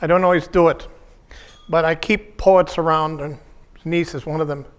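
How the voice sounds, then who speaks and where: A man with a notably high voice gives a reflective workshop talk, the way a pastoral counselor speaks to a gathered group. He talks in short, measured phrases, pausing between thoughts in a contemplative manner. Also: steady tone, smooth.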